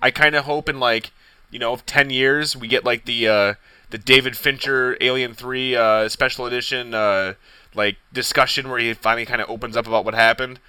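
A man co-hosting a podcast in casual chat, excitable and profane, laughing often and tripping over his words. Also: mid-range voice, normal speed, smooth, no room sound, low-quality recording. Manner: excitable, profane, laughs a lot, stammers restarts. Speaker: podcast co-host.

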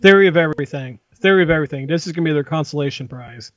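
A man's voice: on the high side, fairly bright tone, no echo, dull audio. A man co-hosting a casual movie podcast, giving opinionated, profane awards predictions. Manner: opinionated, rapid, swears freely.

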